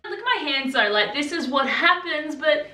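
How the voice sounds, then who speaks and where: A woman's voice: high-pitched, sing-song, normal speed, music in the background. A young Australian woman vlogging in casual chat to camera, gushing and chatty, with lots of "like" as she talks.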